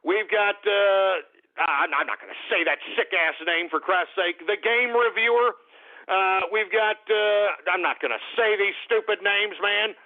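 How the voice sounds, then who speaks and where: A man's voice: high-pitched, a little slow. A man hosting a talk radio show, ranting in a heated, profane way and stumbling over repeated words. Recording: narrow phone-like radio audio.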